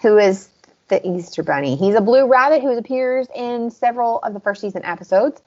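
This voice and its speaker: A woman's voice: fairly high pitch, lively intonation, a little fast, muffled recording. A woman with a Southern US accent, co-hosting a podcast in casual chat, going over scenes in detail. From American South. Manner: chatty, recaps scenes in detail. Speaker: podcast co-host.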